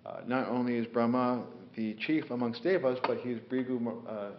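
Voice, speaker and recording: Man, spiritual teacher, unhurried storytelling with fillers, echoey room, dull lo-fi recording. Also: mid-range voice, steady tone, slight background noise. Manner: unhurried, hesitant with many fillers, voices the figures in the stories. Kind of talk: scripture class storytelling.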